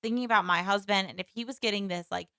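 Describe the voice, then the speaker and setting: A woman's voice: medium pitch, fast talker, bright, forceful tone, dry recording, clean studio sound. A woman co-hosting a podcast, chatting about a film in an agreeing, empathetic way. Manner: agreeing, empathetic back-and-forth. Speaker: podcast co-host. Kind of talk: casual movie discussion.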